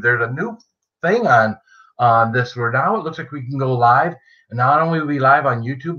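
Guy hosting a live stream, bright voice, reading off names, kinda lo-fi audio. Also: medium pitch. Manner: chatty, greets viewers by name, jokey. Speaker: livestream host. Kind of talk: casual live-chat greetings.

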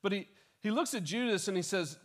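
A man delivering a sermon in a relaxed, conversational way. His voice sits slightly higher than most men's. He often repeats the first words of a phrase as he works toward his point. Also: brisk. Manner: conversational preaching with repeated restarts and dramatized quotes. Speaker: pastor.

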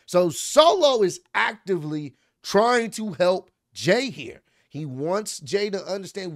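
A young man casually recapping a wrestling match, animated and excitable, with slang and swearing. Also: sits high, slow, few pauses, no room sound, studio quality.

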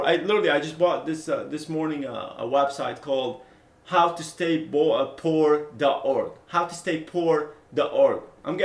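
At a normal speed and with roomy sound, a middle-aged Middle Eastern man who speaks Arabic natively and owns a software company gives a heated, unscripted rant to camera. He keeps repeating himself while his volume swings from loud to low.

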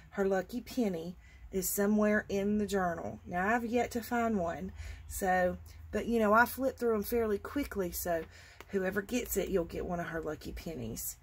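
A woman with a soft, breathy, slightly husky voice shows off crafts in a casual vlog. She gushes with delight and sometimes falls to a hushed near-whisper as she admires each piece. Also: medium pitch, measured pace. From Georgia, US. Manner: gushing and enthusiastic, drops to near-whispers when admiring. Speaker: craft channel host. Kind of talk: casual show-and-tell vlog.

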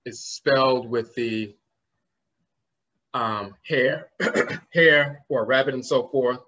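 A man's voice: medium pitch, steady tone, slow pace, bright, forceful tone. A man giving a conference lecture, explaining word roots and spelling terms out letter by letter, often trailing off with "and so forth". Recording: slightly muffled lo-fi recording.

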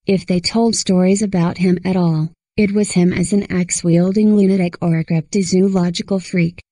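A woman reads a scripted horror story aloud with a steady storyteller's pace. Her voice sits low and sounds mellow and relaxed, recorded close and dry. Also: normal speed, no room sound, low-quality recording. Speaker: story narrator.

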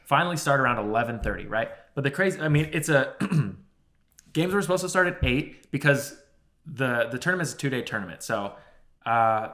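A man co-hosting a podcast, telling a long story in a rambling, animated way with lots of swearing and filler words. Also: medium pitch, a little fast. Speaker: podcast co-host. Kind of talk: casual storytelling chat.

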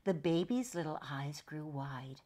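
A woman storyteller reading a children's picture book aloud in an expressive, sing-song way. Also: sits low, unhurried.

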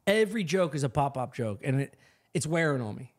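A man's voice: mid-range voice, fairly quick. A young adult man co-hosting a podcast, telling a comedic story with lots of profanity and acted-out quotes. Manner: animated, profane, acts out quotes. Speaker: podcast co-host.

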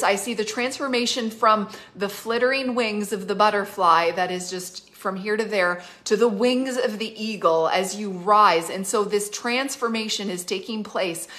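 A prophetic minister with a slightly bright, medium-pitched voice gives spontaneous prophetic words to people on a live stream. She has a cough and is taking cough syrup, yet she stays effusive and chatty, laughing often and saying "like" a lot.

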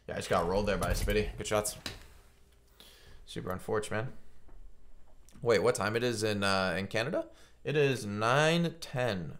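A young man doing casual live gameplay commentary, greeting viewers and cursing freely. His pitch sits in the middle of the range, and faint music plays under his voice. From Georgia, United States. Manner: profane, excitable, chatty with viewers. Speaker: game streamer.

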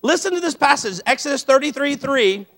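With a very high-pitched voice and a fairly quick pace, the middle-aged pastor preaches, animatedly telling stories and acting out quoted voices.

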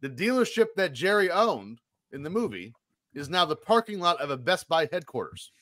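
A man's voice: on the high side, big pitch swings, moderate pace, fairly bright tone, dry recording. Dry-voiced wisecracking man co-host. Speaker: podcast co-host. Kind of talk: casual chat reading movie facts.

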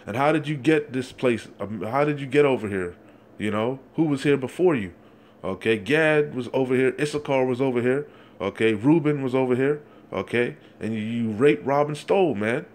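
A man preaching from scripture, reading verses slowly and breaking in constantly with "you see?" and "man.". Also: medium pitch, a little hiss or hum. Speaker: street preacher. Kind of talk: fiery scripture exposition.

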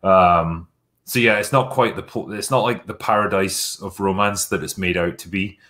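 A man's voice: deep voice, moderate pace, fairly bright tone. A man chatting casually about a film, rambling with lots of fillers and laughing often.

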